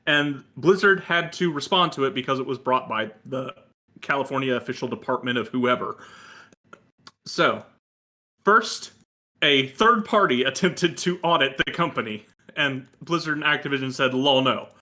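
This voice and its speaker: A man with a bright, forceful voice co-hosting a gaming podcast. He talks in a wry, joking way and sounds loose and casual. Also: mid-range voice, expressive, moderate pace. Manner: wry, joking, reads quotes aloud. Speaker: podcast co-host. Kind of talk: casual chat.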